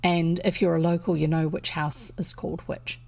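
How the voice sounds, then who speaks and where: A woman's voice: lowish voice, normal speed, gravelly. A woman with a New Zealand accent reading a children's book aloud, with casual asides to listeners. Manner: steady storybook narration with asides. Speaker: reader.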